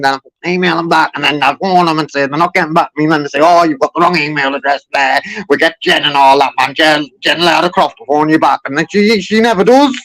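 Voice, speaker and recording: A man's voice: on the high side, a bit bright, rough recording. A frustrated man complaining to a call centre on the phone from his car, repeating himself and calling the agent mate. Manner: frustrated, repetitive, keeps saying mate.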